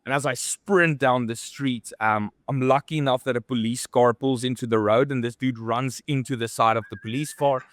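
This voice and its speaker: A man's voice: mid-range voice, normal speed, few pauses, dry recording, clean studio sound. A young man telling rambling event-work stories in a casual podcast chat, with plenty of fillers. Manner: rambling, animated storytelling with many fillers. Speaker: podcast co-host.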